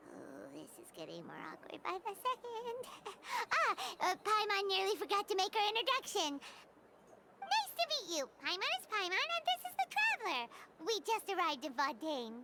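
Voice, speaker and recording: Squeaky bubbly fairy Paimon. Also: female voice, background noise, heavily acted. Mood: chatty. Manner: bubbly, fast and excitable. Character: chirpy tiny female fairy companion.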